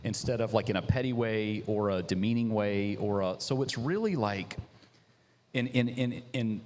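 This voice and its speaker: A man founder telling a story in casual chat, animated and slangy, with lots of restarts. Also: fairly low pitch, normal speed. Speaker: coffee business founder, guest. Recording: echoey hall with faint noise.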